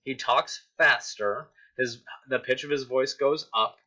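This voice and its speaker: A man's voice: medium pitch, a little slow, sharp tone. A male teacher giving a recorded literature lesson, explaining step by step and checking in with "right?". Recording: dull lo-fi recording.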